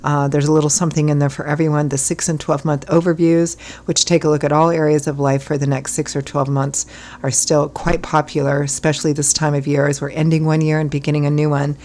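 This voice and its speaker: Hoarse low-voiced woman tarot reader. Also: level tone, a little fast, darkish tone. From Ireland. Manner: chatty, rambling with frequent fillers and throat clearing. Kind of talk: casual tarot reading talk.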